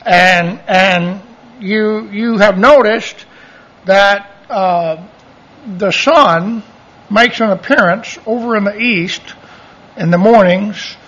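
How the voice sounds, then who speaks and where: Male preacher, husky, folksy animated sermon, muffled lo-fi recording. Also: high-pitched, takes it slowly.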